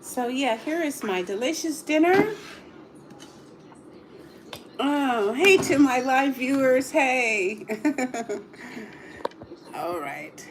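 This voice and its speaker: A woman's voice: sits high, expressive, drawn-out words, pauses often, noisy background. A middle-aged woman chatting casually to her livestream viewers while eating dinner at home, laughing often and murmuring as she tastes the food. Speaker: livestream cooking host. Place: home dining table.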